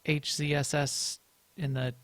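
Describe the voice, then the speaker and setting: A man's voice: fairly high pitch, little pitch movement, a little slow, no room sound. A man co-hosting a casual gaming podcast, rambling and restarting as he thinks aloud. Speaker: podcast co-host.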